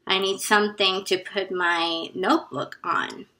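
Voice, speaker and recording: A woman tells a personal story slowly and earnestly, with a bright, forceful voice. She drops into hushed asides at times. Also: medium pitch, steady tone. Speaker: vlogger.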